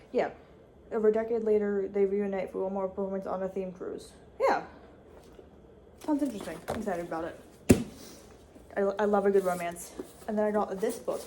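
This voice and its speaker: A young woman, a college student, talking casually in a vlog from her dorm room, chatty with restarts and quick asides. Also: medium pitch, dark tone, slight background noise. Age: young adult.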